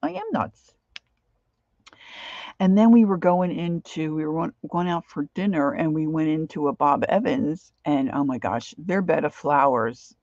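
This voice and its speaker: A woman's voice: low-pitched, normal speed, hardly any pauses, darkish tone, no echo, muffled recording. A middle-aged woman chatting casually as she works on a craft project, rambling on and answering viewers' comments.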